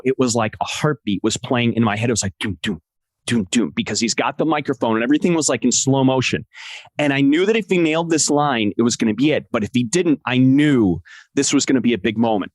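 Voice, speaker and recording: A man as a podcast guest, telling an excited, emotional story and acting out what people said. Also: fairly quick, no echo. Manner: acts out quotes with big pitch jumps. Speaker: podcast guest, wrestling translator. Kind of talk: animated storytelling in conversation.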